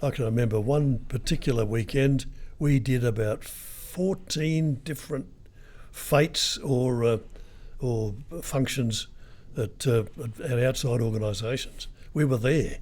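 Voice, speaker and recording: Brief: older Aussie man, husky voice, rambling storyteller in an interview. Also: medium pitch, unhurried, a little mellow. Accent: Australian. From Australia. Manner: rambling storyteller, lots of ums and restarts. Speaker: retired radio broadcaster, guest. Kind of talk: anecdotal interview chat.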